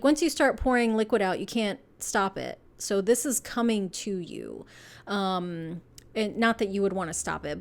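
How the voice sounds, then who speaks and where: A woman giving a casual pick-a-card tarot reading, chatty and meandering, with lots of fillers, frequent laughter and casual swearing. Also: medium pitch. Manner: laughs often while talking.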